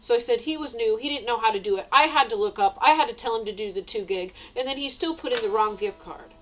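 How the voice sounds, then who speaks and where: A woman's voice: fairly high pitch, quick pace, fairly bright tone, low-quality recording. A middle-aged woman ranting to camera, agitated and swearing, rambling with many restarts. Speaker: vlogger.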